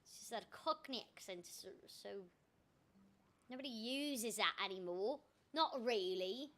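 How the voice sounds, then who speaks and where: A woman with a high, bright voice that bounces all over the place chats her way through a gameplay stream. She talks in an animated, scattered way, full of ums and self-mocking little asides. Her tone is lively and chatty. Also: a little slow. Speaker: voice actor streaming a video game. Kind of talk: casual gameplay chat.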